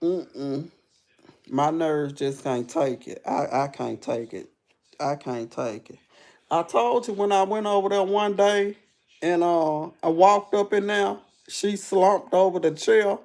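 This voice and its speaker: A woman with a gravelly, creaky voice chats on her live stream. Her talk is rambling and repetitive and sprinkled with "baby" and "honey". She sinks into a low, subdued murmur, then bursts up high and loud as she retells what happened, laughing along the way. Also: slow. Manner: laughs while telling the story. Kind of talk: casual live stream storytelling.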